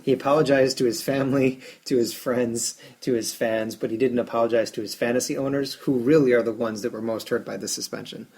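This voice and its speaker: Gravelly, husky man chatting casually. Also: medium pitch, fairly even intonation, a little fast, few pauses, a little mellow. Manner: self-deprecating, rambling with restarts. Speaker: fantasy baseball podcast co-host. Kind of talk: casual chat.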